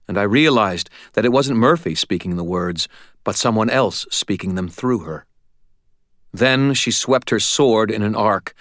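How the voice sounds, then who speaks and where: Guy narrating an audiobook, lowish voice, dry close mic, dramatic. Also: a bit bright, dry recording. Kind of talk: first-person audiobook narration.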